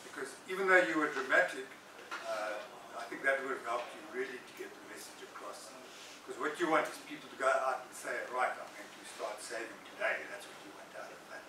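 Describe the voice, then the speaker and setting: A man's voice: mid-range voice, quick pace. Man giving a speech evaluation in an echoey room. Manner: encouraging and methodical, weighing praise and advice. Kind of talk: spoken evaluation at a club meeting. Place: meeting room. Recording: distant mic in an echoey room with room noise.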